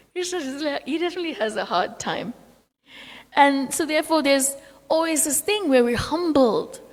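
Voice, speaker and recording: Woman giving a spiritual class, chatty storytelling, voice a little high, lots of hall echo. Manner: storytelling with acted quotes, conversational asides. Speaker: spiritual teacher. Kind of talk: devotional class talk.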